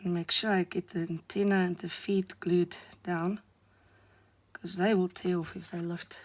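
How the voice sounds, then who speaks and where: A woman talking softly to the camera while she decorates a journal cover, often dropping to a murmur or whisper as she works, her voice still hoarse. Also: fairly low pitch, little pitch movement, a little slow. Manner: soft-spoken, murmuring while working, frequent near-whispers. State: hoarse, recovering voice. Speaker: craft vlogger. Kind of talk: casual crafting commentary.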